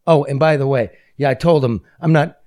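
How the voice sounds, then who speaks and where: A man hosting a talk show, chatting casually and making jokey, rambling sponsor pitches. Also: brisk, warm tone. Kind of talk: casual talk show chat with live ad reads.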